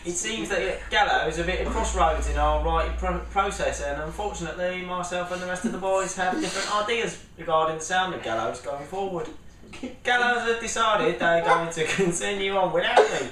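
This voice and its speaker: A man's voice: high-pitched, fairly quick, background noise, close to an everyday voice. A man putting on a Cockney accent to read out a band departure statement in a mock-solemn way. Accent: put-on Cockney. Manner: mock-solemn reading, breaking into laughs. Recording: roomy, from a distant mic.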